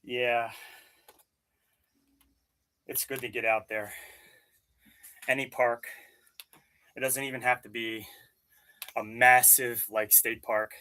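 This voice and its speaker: A man's voice: mid-range voice, little pitch movement, takes it slowly, long pauses, pushed and bright. A young man from Maryland talking casually and profanely while working out, rambling and answering his live chat. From Maryland, USA. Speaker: fitness vlogger. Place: home gym.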